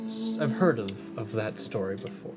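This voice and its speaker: A man running a tabletop game as game master, narrating haltingly with many restarts and laughs over background music. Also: fairly low pitch, lively intonation.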